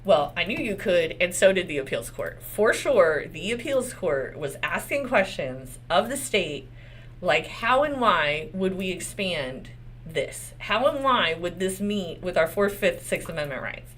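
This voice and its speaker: A Texan woman lawyer talks through a case in a loose, conversational way, cursing freely and tossing out rhetorical questions. Her pitch swings a lot, and a faint hiss sits under the recording. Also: big pitch swings, measured pace, fairly bright tone. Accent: Texas. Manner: candid, profane, rhetorical questions. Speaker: lawyer commentator. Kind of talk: casual legal commentary.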